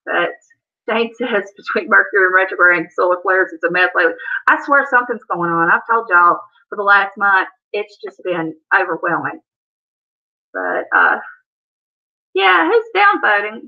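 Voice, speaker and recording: With big swings in pitch around a medium level, a woman speaks at normal speed on her casual livestream. Her Southern accent comes through as she rambles and greets viewers by name, all in dull, lo-fi sound.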